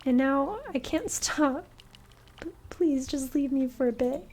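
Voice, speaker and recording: A woman's voice: sits high, unhurried, a little mellow. A woman voicing a sentimental older woman who is emotional and gushing, in a game read-through. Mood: tearful.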